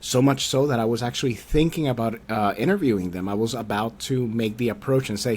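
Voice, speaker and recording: A man's voice: medium pitch, a little fast, hardly any pauses, slight background noise. A man hosting a casual interview podcast, telling stories with energy and swearing candidly now and then. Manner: animated storyteller, acts out quoted people in a raised voice. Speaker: podcast host interviewing a creator.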